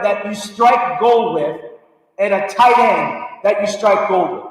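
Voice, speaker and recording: Fired-up high-voiced male sports host, echoey. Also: animated, unhurried. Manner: emphatic, fired-up, shouts at times. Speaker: sports talk show host. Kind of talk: live sports talk rant reading viewer comments. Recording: echoey room from far off.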